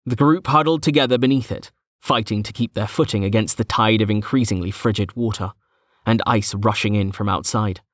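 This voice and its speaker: A man narrating a fantasy novel in a steady, measured storytelling voice. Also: fairly low pitch, no room sound, studio quality. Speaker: audiobook narrator.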